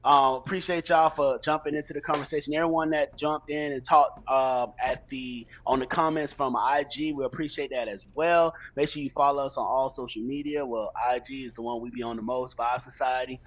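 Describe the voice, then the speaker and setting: A man hosting a podcast in casual chat. He is an animated storyteller who laughs easily and talks loose and profane. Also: mid-range voice, brisk, few pauses, muffled recording. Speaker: podcast host.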